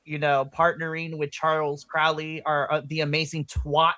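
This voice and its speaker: Excitable woman recapping with bright tone. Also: low voice, moderate pace, no echo. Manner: excitable, swings into loud animated retellings. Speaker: podcast co-host. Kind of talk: casual wrestling recap chat.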